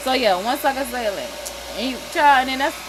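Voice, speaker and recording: A woman's voice: high voice, a little fast, background noise. A woman, chatting casually and animatedly on a livestream. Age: 30s. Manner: animated, swearing, laughing between stories. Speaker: livestream host. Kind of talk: casual gossip chat.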